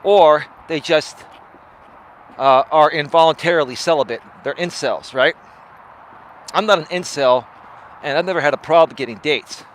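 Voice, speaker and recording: A man's voice: a little high, moderate pace, pauses often, slight background noise. A man in his forties, a life coach hosting a live stream, talking in a chatty monologue and tagging his lines with "right?".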